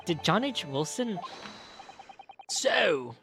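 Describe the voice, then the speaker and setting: A woman's voice: on the low side, sing-song, measured pace, pauses often, a bit bright, soft background music. A woman streaming a video game, reading the dialogue aloud in character voices and cursing in her asides. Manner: swings between character voices and swearing asides. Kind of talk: live game playthrough with read-aloud dialogue.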